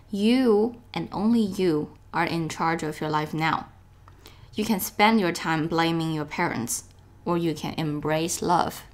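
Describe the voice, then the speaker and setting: A woman whose first language is Chinese, reading a guided self-help exercise aloud in a slow, gentle way that turns playful. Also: fairly low pitch. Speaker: self-help course host.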